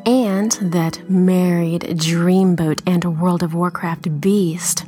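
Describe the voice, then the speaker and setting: A woman's voice: fairly low pitch, fairly even intonation, slow pace, hardly any pauses, mellow, faint music behind. A woman presenting her own podcast segment, greeting listeners in a playful, theatrical way. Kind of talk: reading a prepared segment.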